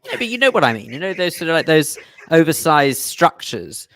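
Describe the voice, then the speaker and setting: A man's voice: a little high, very animated, fairly quick, fairly bright tone, dry recording. A man co-hosting a radio show, making dry, wry jokes in casual banter. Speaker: radio co-host. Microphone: studio microphone.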